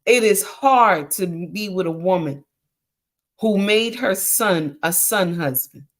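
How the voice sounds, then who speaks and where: A woman's voice: mid-range voice, slow pace. A middle-aged woman hosting a livestream, giving preachy relationship advice with emphatic repetition, often calling listeners honey and mama. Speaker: livestream host.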